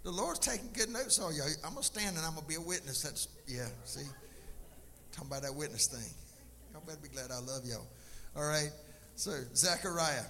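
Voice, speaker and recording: A man's voice: a little high, animated, fairly quick, sharp tone. A man preaching a sermon as pastor, emphatic and impassioned, with folksy asides to his congregation. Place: church sanctuary. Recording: live church recording, long reverb, faint noise.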